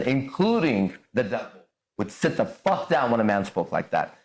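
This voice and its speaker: A man hosting a podcast, ranting in an emphatic, profane and aggressive monologue, recorded in an echoey room. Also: medium pitch. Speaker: podcast host.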